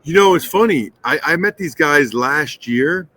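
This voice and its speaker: A middle-aged man, a guest on a sports podcast, chatting casually and telling stories in a relaxed way. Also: fairly high pitch, measured pace. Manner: relaxed, storytelling. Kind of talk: casual chat.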